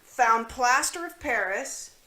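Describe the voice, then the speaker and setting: Woman, podcast co-host, skeptical teasing banter, animated pitch, echoey room. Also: takes it slowly. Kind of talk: casual chat.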